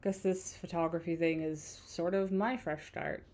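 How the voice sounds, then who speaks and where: A woman's voice: fairly low pitch, fairly even intonation, unhurried, darkish tone, lightly acted. A woman voicing a friendly, easygoing adult male photographer in a video game, asking curious questions in a lightly raised voice. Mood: chatty.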